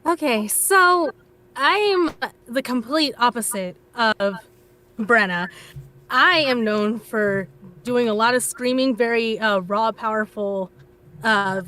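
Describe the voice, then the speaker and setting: A woman voice actor in a live cast Q&A, speaking hesitantly and pausing on fillers. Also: fairly high pitch, sharp tone. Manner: slow, hesitant, lots of fillers. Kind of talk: casual live chat.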